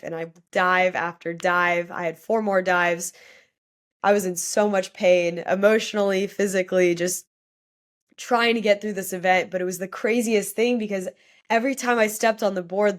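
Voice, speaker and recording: Candid woman telling a hard story. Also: fairly low pitch. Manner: candid, emotional storytelling, often saying "like". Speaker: guest athlete. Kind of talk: storytelling in a podcast interview.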